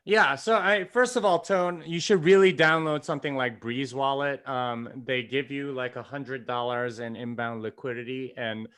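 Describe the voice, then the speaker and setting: Smooth-voiced man explaining on a podcast. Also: medium pitch, steady tone, moderate pace, hardly any pauses, fairly bright tone, no echo. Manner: loose, filler-heavy explaining. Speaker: podcast guest, developer. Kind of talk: casual chat.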